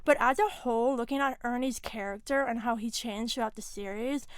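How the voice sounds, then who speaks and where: A young woman recaps a book on her podcast in a casual, animated way. Her voice sits a bit high and the sound is close and dry. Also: a little fast, clean tone, dry recording. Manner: animated storyteller, acts out quotes. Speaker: podcast co-host.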